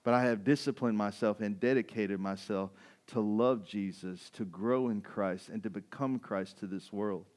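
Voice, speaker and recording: A man preaching a sermon, moving from hushed, intense passages to loud, fervent ones, often asking the congregation "right?". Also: normal speed. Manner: builds from hushed intensity to loud, high-pitched fervor, with rhetorical "right?"; acts out quoted voices of doubters. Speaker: pastor.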